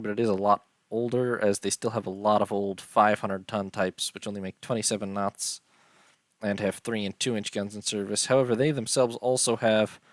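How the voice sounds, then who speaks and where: A man giving casual, unhurried commentary on a strategy game, tired and yawning, filling pauses with ums and uhs. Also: fairly low pitch, no echo, studio quality. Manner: unhurried, listing details with many ums and uhs. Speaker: strategy game let's-player.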